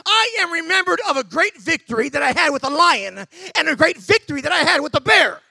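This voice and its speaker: A preacher acting out fired-up young David. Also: male voice, very high-pitched, brisk, vocal fry, no echo, pitched above the performer's own voice, full character voice. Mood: boastful. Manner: excited, emphatic, stumbling repeats.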